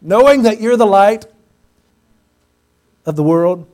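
A pastor with a notably high voice delivers a sermon to his congregation. He leans on repetition, growing loud and emphatic on key phrases before dropping back down. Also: expressive, slow. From Pacific Northwest US. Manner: emphatic, repeats phrases for stress, swells loud on key words. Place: church sanctuary before a congregation.

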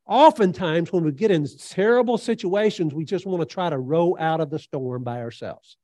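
A man with a slightly higher voice delivers an earnest sermon, pausing often on fillers while he retells a scripture story. The sound is dry and close, with almost no room echo. He drops low and quiet on reflective lines, then lifts his voice for quoted speech. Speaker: preacher.

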